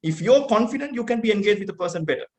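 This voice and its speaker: A man's voice: high-pitched, expressive, very fast, a little mellow. A man with a Sri Lankan accent giving a motivational keynote speech, earnest and full of rhetorical questions. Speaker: keynote speaker. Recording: roomy echo.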